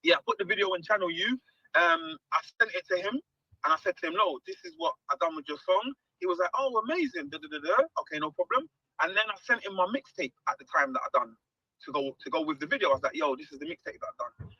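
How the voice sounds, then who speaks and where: A man tells stories in a lively, swooping, high voice, acting out every quoted line. His tone is bright and sharp. The recording is dry and dull, with a lo-fi edge. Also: fast, slightly rough, no echo. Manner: animated, acts out quoted dialogue. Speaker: guest musician. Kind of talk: storytelling interview.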